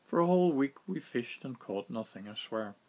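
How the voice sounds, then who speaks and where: Wry, husky male storyteller. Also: mid-range voice, moderate pace. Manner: wry, self-mocking, lively. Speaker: author reading his own story. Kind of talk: storytelling narration.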